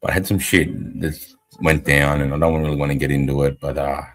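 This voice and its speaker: A man's voice: rumbling low, flat delivery, fairly quick, fairly bright tone. A middle-aged Australian man, an army veteran, talking bluntly and profanely in rambling casual chat on a live stream. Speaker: army veteran podcast co-host.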